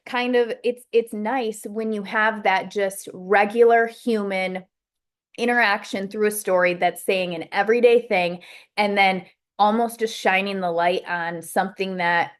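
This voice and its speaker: A woman's voice: mid-range voice, steady tone, a little slow. A woman who leads a sales team, giving a casual motivational coaching talk. She rambles in a chatty way, full of fillers and restarts. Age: adult with a child.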